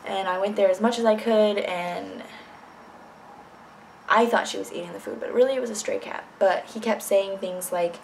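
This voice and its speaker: A woman's voice: mid-range voice, moderate pace, creaky, a little hiss or hum, low-quality recording. A young woman telling a personal story in a casual vlog, blunt and candid, swearing freely. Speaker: vlogger.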